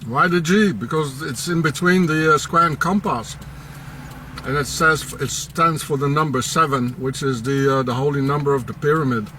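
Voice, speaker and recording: A man excitedly pointing things out as he walks, talking in a rambling, conspiratorial way outdoors. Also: a little high, moderate pace, a little hiss or hum, poor audio. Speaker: vlogger. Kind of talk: rambling walking commentary.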